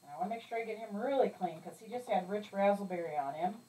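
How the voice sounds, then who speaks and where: A woman's voice: medium pitch, fast, warm tone, breathy edge. Chatty woman demonstrating card stamping. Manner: chatty, self-correcting, frequent "okay?" check-ins. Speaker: crafting instructor. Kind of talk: step-by-step craft demonstration.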